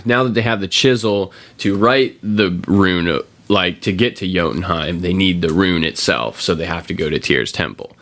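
A man with a very low, gravelly voice talks casually as a podcast host, laughing and swearing as he retells a game. He keeps slipping into quick voices for the characters' lines. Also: a bit bright.

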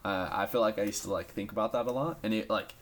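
A man's voice: on the low side, fast talker. A man talking bluntly in a casual podcast chat, swearing freely.

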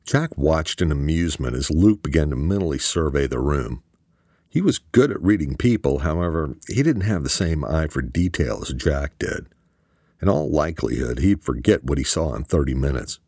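A man narrating an audiobook in a steady storytelling manner. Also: a bass voice, normal speed, slightly rough, dry recording, clean studio sound. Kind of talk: scripted narration.

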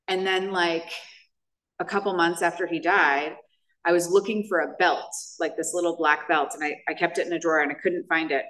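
A woman's voice: fairly low pitch, a bit bright, distant mic. A middle-aged woman sharing her personal story at a recovery meeting, talking in a loose, rambling way full of fillers and self-deprecating asides. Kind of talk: personal testimony share. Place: meeting hall at a podium.

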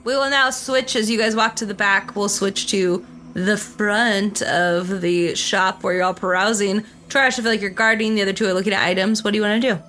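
A woman running a tabletop game as game master, briskly narrating scenes and explaining rules. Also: mid-range voice, steady tone, fairly bright tone.

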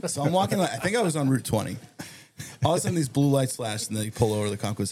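A man telling a long, animated story on a podcast, acting out the other people in it. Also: mid-range voice, fast talker, husky. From Massachusetts. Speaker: guest storyteller. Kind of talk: casual anecdote on a podcast.

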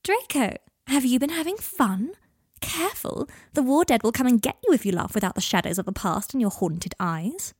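A woman reading a story, voicing a defiant, sharp-tongued teenage girl with a higher, scornful voice. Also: lively intonation, fast, hardly any pauses, no room sound, studio quality, close to an everyday voice. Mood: teasing. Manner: scornful, sulky.

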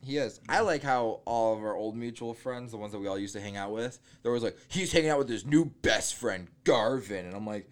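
A man's voice: mid-range voice, fairly quick, hardly any pauses. A man in casual chat with a friend, joking crudely and telling stories.

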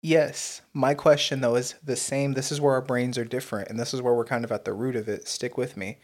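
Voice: medium pitch, steady tone, a little fast. A podcast co-host chatting casually in a blunt, joking way with plenty of swearing. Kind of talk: casual chat.

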